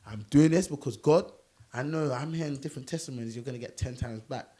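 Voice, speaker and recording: A young man, telling a story in a relaxed group podcast chat and acting out his own prayers. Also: mid-range voice, quick pace. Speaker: podcast co-host.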